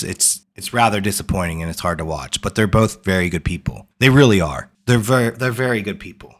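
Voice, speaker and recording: A man with a fairly low voice speaks straight to the camera about his own past. He talks earnestly and rambles, circling back and repeating phrases to drive the point home. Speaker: coach. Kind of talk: candid personal story to camera.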